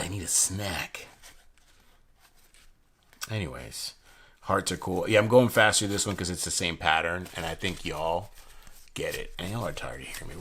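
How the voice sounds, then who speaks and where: A man's voice: low voice, fairly bright tone, slight background noise. A man casually reviewing playing cards, rambling and chatty, with lots of fillers and asides.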